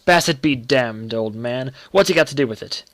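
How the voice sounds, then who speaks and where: A man's voice: medium pitch, animated, moderate pace, fairly bright tone, no room sound, close to an everyday voice. A man playing a jovial, teasing middle-aged uncle with a bluff, laughing manner. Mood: amused.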